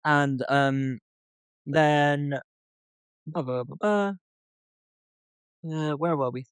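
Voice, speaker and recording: A man's voice: a little high, steady tone, drawn-out words, clean tone, no room sound. A young man co-hosting a casual podcast, telling a story by reading out text messages and swearing often. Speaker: podcast co-host. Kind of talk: casual chat.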